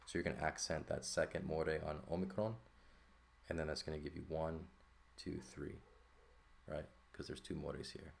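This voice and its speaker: Male teacher, extremely deep voice, patient explainer who checks in with the class. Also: flat delivery, normal speed, creaky, a little hiss or hum. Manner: explanatory, checks in with "right?" often. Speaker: Greek teacher. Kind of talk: explaining at a board.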